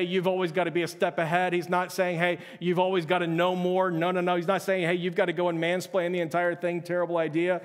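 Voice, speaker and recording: A male pastor delivers a live sermon in a church sanctuary, his slightly high voice carrying a long hall reverb. He presses his points earnestly and circles back to the same questions. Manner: earnest, repeats questions for emphasis.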